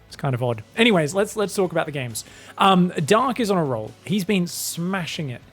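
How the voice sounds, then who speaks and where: A man's voice: high-pitched, big pitch swings, moderate pace, a bit bright, soft background music. A man with a British accent casting a competitive video game, chatty and prone to rambling tangents. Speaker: esports caster. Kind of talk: casual game commentary.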